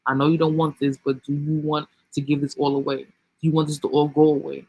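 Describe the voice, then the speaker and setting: A man voicing an excited, controlling male partner who presses his point in an eager, smooth way. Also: a little high, a little fast, no room sound, dull audio. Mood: persuading.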